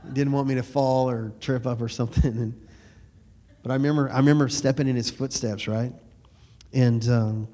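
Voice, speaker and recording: A middle-aged man from Texas with a slight East Texas twang, preaching a folksy sermon that slows down and grows louder on scripture lines. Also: mid-range voice, steady tone. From Texas, USA. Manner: folksy, repeats words, slows and swells on scripture. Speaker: pastor.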